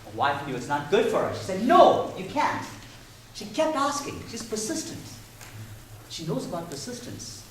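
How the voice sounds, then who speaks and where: 30s guy giving a speech contest talk, playful storyteller, high lively voice, big echoey hall. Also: normal speed, a little hiss or hum. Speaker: contest speaker. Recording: echoey hall, mic far off.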